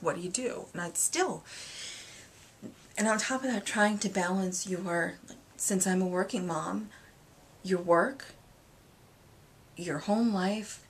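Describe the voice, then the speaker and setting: A single mom in her thirties talks candidly in a confessional vlog, her medium-pitched voice carrying a breathy edge. She rambles hesitantly with many pauses and fillers, and at moments she is emotional and near tears.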